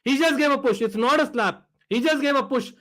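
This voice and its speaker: Agitated high-voiced Indian man ranting. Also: fairly quick, bright, forceful tone, rough recording. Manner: agitated, ranting, mixing English and Hindi. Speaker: fan reaction host. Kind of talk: live match reaction.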